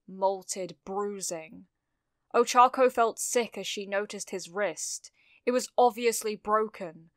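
A woman reading fan fiction aloud, narrating a story with steady, expressive delivery. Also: mid-range voice, no echo, clean studio sound.

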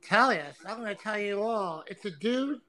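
A woman livestreaming an angry, profane rant, taunting and repeating herself with loud outbursts. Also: medium pitch, expressive, moderate pace, a little hiss or hum, poor audio.

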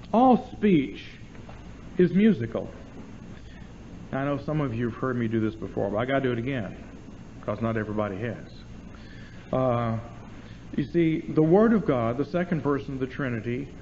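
A man's voice: medium pitch, slight background noise. Demonstrative male lecturer, muffled recording. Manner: lively, demonstrative, asks the audience questions. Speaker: lecturer on theology. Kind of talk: informal lecture to an audience.

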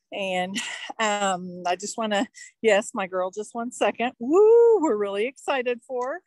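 A playful woman hosting a teacher workshop over a video call introduces speakers in a folksy, upbeat tone. Her voice sits fairly high. The sound is dry and close. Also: no room sound, low-quality recording.

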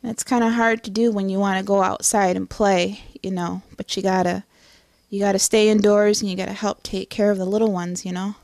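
A middle-aged woman giving an earnest personal testimony, halting, with many restarts and fillers. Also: medium pitch, level tone, a little mellow, no echo, clean studio sound. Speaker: testimony speaker.

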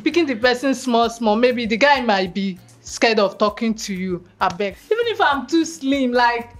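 Nigerian woman, a bit high, playful and defensive contestant, faint music. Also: animated, moderate pace. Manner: playful, defensive, laughs often. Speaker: dating show contestant. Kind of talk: casual banter.

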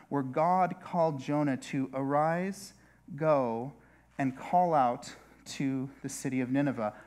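This pastor's voice sits in the mid range with a slightly mellow quality. His sermon feels like a conversation, peppered with frequent asides aimed at the congregation.

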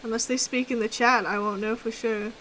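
A woman's voice: a little high, steady tone, brisk, a bit bright, a little hiss or hum, low-quality recording. A woman streamer chatting casually during a game, teasing her co-host and laughing often. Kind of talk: casual gameplay chat.

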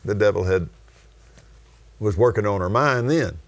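An older man with a West Texas accent, preaching and teaching in a studio conversation, slow and emphatic, stretching key words and breaking into exclamations of praise. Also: on the low side. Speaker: television preacher and host.

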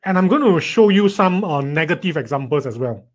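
A man's voice: on the high side, expressive, a little fast. A man teaching a live online writing lesson, reading students' sentences aloud and teasing them playfully. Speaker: writing tutor.

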